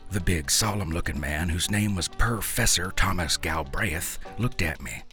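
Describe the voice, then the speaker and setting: A man narrating a story in a deadpan, folksy dialect delivery. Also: low-pitched, unhurried. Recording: dry close mic, faint music.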